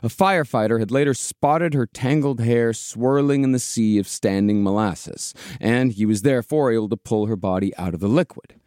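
A man hosting a podcast, narrating a historical disaster in a measured, storytelling way with casual swearing. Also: mid-range voice, a little mellow, clear, resonant tone, no echo, studio quality. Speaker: podcast host.

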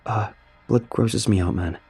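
A man voicing a panicky young man who shouts and argues in a horror story. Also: on the low side, measured pace, creaky, breathy edge, soft background music, heavily acted. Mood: tense. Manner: shouting, tense.

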